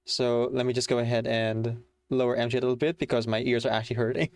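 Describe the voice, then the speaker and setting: Smooth-voiced man chatting on a stream. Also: medium pitch, flat delivery, fast, darkish tone. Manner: chatty, rambling with many fillers. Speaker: game streamer. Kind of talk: casual livestream chat.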